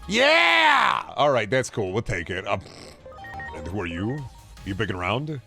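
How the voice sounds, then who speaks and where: Over music, a man streams a video game, chatting casually at a normal speed in a fairly low voice. He jokes and rambles, slipping into silly voices and bursts of profanity.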